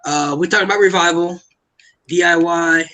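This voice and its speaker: A man chatting casually as a podcast co-host, excitable and repeating himself as he tells a story. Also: a little high, normal speed. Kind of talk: casual chat.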